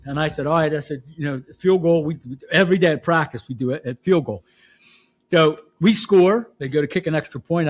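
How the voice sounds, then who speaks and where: An older man, a football coach telling stories on a podcast, laughing and acting out shouted quotes. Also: on the high side. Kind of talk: casual storytelling.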